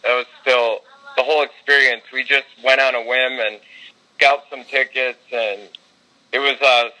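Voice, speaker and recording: A man co-hosting a podcast, telling sports stories in casual chat, excitable and swearing now and then. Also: medium pitch, normal speed, low-quality recording. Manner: storytelling, swearing, excitable when reliving games. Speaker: podcast co-host.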